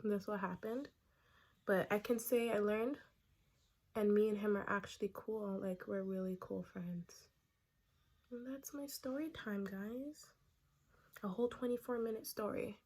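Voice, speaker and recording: A young woman vlogger telling a casual story time while doing her makeup, animated and chatty, acting out the quotes. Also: medium pitch, unhurried, long pauses. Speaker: beauty vlogger.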